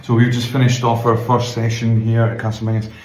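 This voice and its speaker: A man's voice: medium pitch, monotone, a little fast, a little mellow, roomy sound, soft background music. A Scottish man investigating hauntings, recapping casually and hesitantly with frequent ums. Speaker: paranormal investigator.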